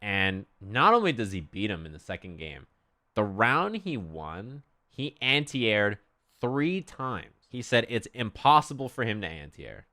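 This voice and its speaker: A man's voice: fairly low pitch, big pitch swings, unhurried, bright, forceful tone. A man streaming, chatting casually and animatedly, swearing freely and acting out quotes.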